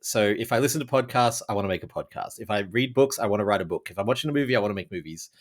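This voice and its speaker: A man's voice: on the low side, lively intonation, very fast. A man with an Australian accent, a game designer chatting as a guest on a podcast over a remote call, telling stories in a jokey, self-deprecating way. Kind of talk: casual podcast chat.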